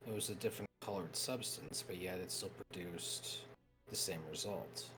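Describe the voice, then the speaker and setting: A man playing a tabletop game, speaking in a relaxed, matter-of-fact way. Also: low-pitched, moderate pace, over music. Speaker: player. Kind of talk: casual tabletop play.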